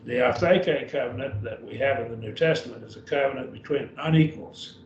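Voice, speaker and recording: A man teaching a Greek class, slowly sounding out words and repeating each one several times, with self-correcting asides. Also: mid-range voice, gravelly. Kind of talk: classroom lesson. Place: church classroom. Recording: roomy, distant, dull lo-fi with faint noise.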